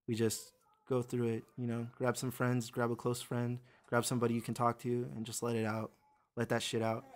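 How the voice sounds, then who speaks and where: A young man hosting a podcast, chatting casually and telling rambling, profane stories. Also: medium pitch. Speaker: podcast host.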